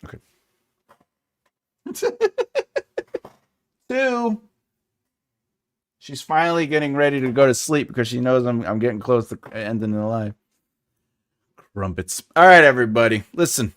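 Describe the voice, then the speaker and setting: Lively, chatty man hosting a livestream. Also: medium pitch, a little slow, pauses often, dry recording, studio quality. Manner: chatty and jokey, chuckles often, greets viewers by name. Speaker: writing teacher and livestream host. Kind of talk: casual livestream chat.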